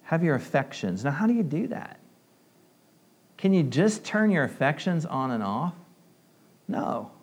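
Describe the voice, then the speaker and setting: Pastor, male, light southern twang, chatty sermon style, slightly high pitch, restarts his phrases. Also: very animated, a little slow, pauses often, darkish tone, slightly rough. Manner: conversational preaching, repeats words, asks the audience questions.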